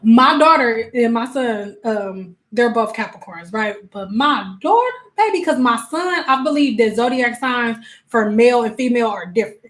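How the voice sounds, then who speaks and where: A woman hosting a casual livestream as a spiritual coach, telling animated stories full of slang and acted-out quotes. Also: fairly high pitch, normal speed. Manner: emphatic repetitions.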